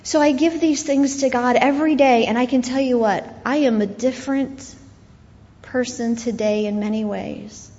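A grieving woman tells her story earnestly as a guest speaker, her voice sitting a little high. The sound is somewhat dull and muffled. A long reverb trails off behind her in a large hall. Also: steady tone, moderate pace, dark tone, a little hiss or hum. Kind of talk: personal testimony talk.

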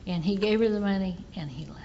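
A woman's voice: mid-range voice, fast talker, mellow, lo-fi sound, a little hiss or hum. A woman giving a personal recovery testimony, telling her story earnestly and voicing the people in it. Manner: earnest storytelling, quotes others in dialogue.

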